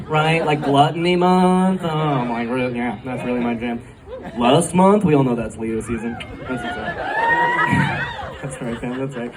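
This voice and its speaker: A man doing a stand-up comedy set in a live club, talking in a chatty way full of fillers and laughing at his own jokes. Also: mid-range voice. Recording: live club recording from a distance, crowd noise. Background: audience laughter and club ambience.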